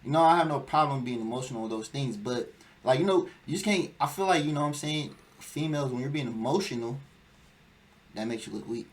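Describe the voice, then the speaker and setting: A young man hosts a casual dating talk show as a podcast, speaking in a mid-range voice with lively intonation and a slightly quick pace. He lays out his views emphatically, almost lecturing, and acts out whiny quotes.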